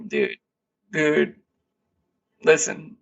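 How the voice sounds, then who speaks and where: A man's voice: a little high, completely flat delivery, drawn-out words, gravelly, a bit bright, far from the mic, highs cut off. A man co-hosting a podcast, talking in a laid-back, rambling way with lots of fillers and restarts. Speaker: podcast co-host. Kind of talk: casual chat.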